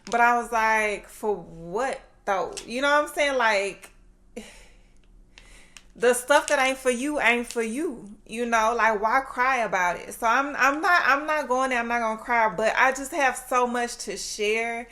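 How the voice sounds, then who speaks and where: A woman's voice: a little high, a little slow, bright, forceful tone. Candid Southern woman vlogging at home. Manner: candid, heartfelt, slangy. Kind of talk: casual talk to camera. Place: at home, indoors. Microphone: laptop built-in mic.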